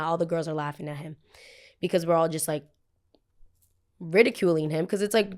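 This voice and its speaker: A woman's voice: lowish voice, steady tone, brisk, long pauses. A young woman in her twenties hosting a podcast, telling a heated story in a casual, profane way and acting out the people she quotes. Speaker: podcast host.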